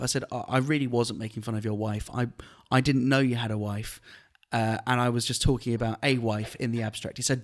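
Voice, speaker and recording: A man, a comedian, telling a story on a podcast in an animated way and laughing often. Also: mid-range voice, a little fast. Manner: animated, laughing while retelling an anecdote. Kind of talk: casual storytelling chat.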